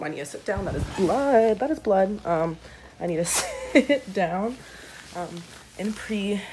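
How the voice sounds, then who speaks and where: Young woman, casual vlog, handheld phone mic, rambling, swears a lot, slightly low pitch. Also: background noise. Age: young adult. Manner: candid, rambling, swears freely. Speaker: vlogger. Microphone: handheld phone camera.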